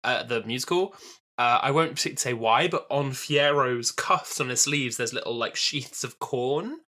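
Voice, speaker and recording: Chatty bright-voiced young man. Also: mid-range voice, moderate pace. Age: 20s. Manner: chatty, laughs often, lots of fillers. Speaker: podcast co-host. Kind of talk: casual chat.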